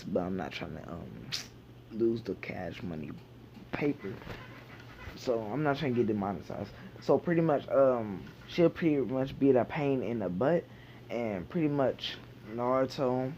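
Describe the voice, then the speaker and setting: A man's voice: mid-range voice, warm tone, a little hiss or hum. A man casually retelling a fan fiction idea, rambling with many fillers and restarts. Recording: dull lo-fi home recording.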